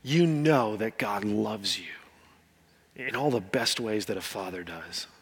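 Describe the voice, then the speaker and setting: A man preaching a sermon as pastor, earnest and pleading, often dropping to a soft voice and repeating words as he builds. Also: on the low side, lively intonation, measured pace, slightly rough. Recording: long hall reverb.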